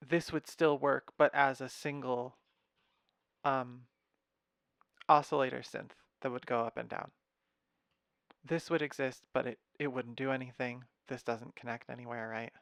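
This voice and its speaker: A young man casually walking through his music software patch, thinking aloud with fillers and wry asides, recorded at his computer. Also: mid-range voice, gravelly, clean tone, dry recording, studio quality. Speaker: music software tutorial host. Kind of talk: casual screen-share walkthrough.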